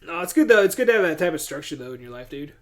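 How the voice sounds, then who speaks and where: A young man hosts a casual podcast in a bright, edgy voice, pitched a little high. His talk is laid-back and loose, full of "like" and "dude". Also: big pitch swings, rapid-fire. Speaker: podcast host. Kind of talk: casual chat.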